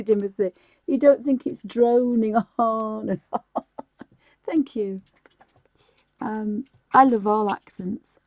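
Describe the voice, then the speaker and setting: A woman's voice: fairly high pitch, gravelly, darkish tone, dry recording. A middle-aged woman from England chatting casually while she colours on a live stream, rambling with restarts and light laughs.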